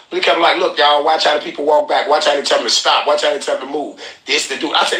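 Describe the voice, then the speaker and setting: A man hosting a podcast, telling a story in an animated, profane way and acting out the people he quotes. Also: on the high side, quick pace, hardly any pauses. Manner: excitable, profane, acts out quotes. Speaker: podcast host. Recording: roomy echoey room, faint noise.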